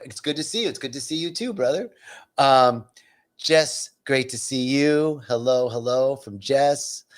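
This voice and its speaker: Upbeat man hosting a live stream. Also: mid-range voice. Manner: upbeat, effusive, greets viewers by name. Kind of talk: casual live stream chat greeting viewers. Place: retreat center.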